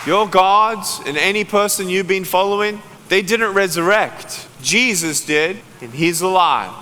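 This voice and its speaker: A man, an evangelist, preaching a testimony as an animated storyteller who acts out the voices he quotes. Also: high voice, unhurried, crowd noise, noisy background. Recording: echoey hall with long reverb.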